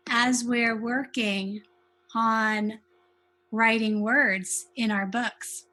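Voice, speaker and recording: High-voiced woman teacher, slow and deliberate. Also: pushed and bright. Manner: sounds out letters slowly and deliberately. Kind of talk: slow, clear teaching to young children.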